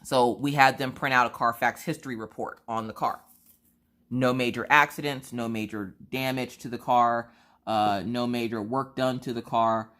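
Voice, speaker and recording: A woman vlogger telling a story in a chatty, slangy way, acting out the voices she quotes. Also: normal speed. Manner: animated, acts out quoted voices with big pitch jumps; casual slangy talk, addresses viewers as y'all.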